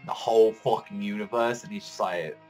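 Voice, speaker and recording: A man giving casual reaction commentary on a manga chapter, excitable and profane, rambling with lots of fillers. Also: on the low side, brisk, faint music behind.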